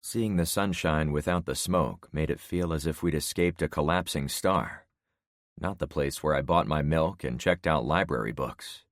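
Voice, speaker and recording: A man in his sixties narrating an audiobook in the first person with steady storytelling. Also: extremely low pitch, normal speed, dry recording, clean studio sound. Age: 60s.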